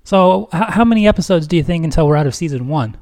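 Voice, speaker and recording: A man co-hosting a casual faith podcast, upbeat and quick to laugh, often repeating words as he talks. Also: a little high, expressive, darkish tone. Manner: upbeat, stumbling, laughs easily. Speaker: podcast co-host.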